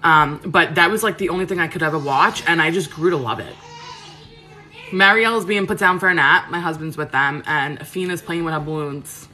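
Chatty Queens woman with a bright voice. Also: deep voice, brisk. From Queens, New York. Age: 30s. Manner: chatty, frank, full of fillers and restarts. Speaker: cooking livestream host. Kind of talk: casual live chat answering viewers. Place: home kitchen.

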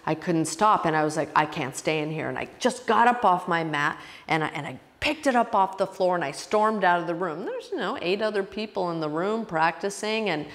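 A woman yoga teacher telling a personal story in an emotional, expressive way, often restarting her sentences. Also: on the low side, a little fast, hardly any pauses, long reverb tail.

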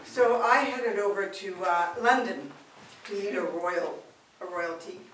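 A woman performing solo comic storytelling, hesitant, with many pauses and fillers. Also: mid-range voice, a bit bright, a little hiss or hum. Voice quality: hesitant, lots of uhs. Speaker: comedian. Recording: echoey room, distant mic.

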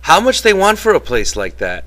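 A worried old ranch hand missing one hand pleads to be let in on the plan, voiced by a man reading an audiobook. He talks in plain, rough rural speech, eager and a little desperate, in a bright, forward tone. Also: mid-range voice, animated, moderate pace, pitched above the performer's own voice. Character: elderly one-handed male ranch hand, anxious, eager.

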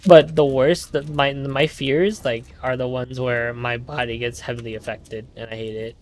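A male streamer talks through a game as he plays it, in a voice of middle pitch. He rambles, jumps at the scares and swears a lot, nervous the whole time. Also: fairly even intonation, moderate pace, a little mellow, slight background noise. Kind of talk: live gameplay commentary.

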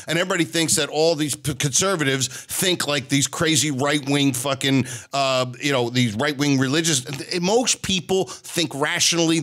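A man guesting on a comedy podcast, arguing and joking in animated, casual banter. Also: on the high side. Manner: animated, argumentative, quick to laugh.

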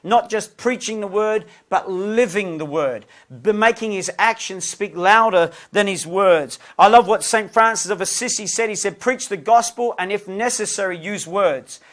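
A man teaches like a preacher, his voice sitting noticeably high. He builds his points with passionate emphasis, pressing each line toward the congregation in a sermon-style lesson. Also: moderate pace, hardly any pauses, a bit bright.

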